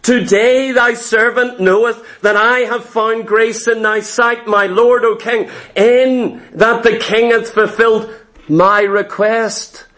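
A preacher voicing a fawning scheming adviser. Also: male voice, high-pitched, fairly even intonation, fairly bright tone. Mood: formal. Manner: slow, fawning, archaic.

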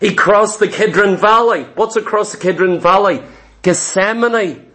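A man preaching a sermon, retelling scripture with passion and dropping low and intense for emphasis. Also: unhurried, bright, forceful tone. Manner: impassioned, dramatic storytelling, drops low and intense for emphasis.

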